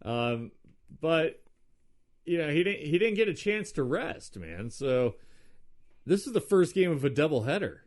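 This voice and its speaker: A man's voice: a little high, very animated, measured pace, pauses often, a little mellow. A man co-hosting a podcast, rambling and teasing his friends in casual chat. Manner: rambling, teasing, many fillers. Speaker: podcast co-host.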